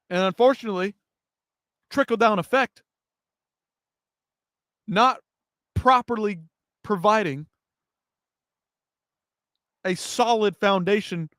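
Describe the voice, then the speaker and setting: Man, high voice, heated profane rant, live stream commentary, dry close sound. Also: a bit bright, no echo. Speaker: MMA news show host.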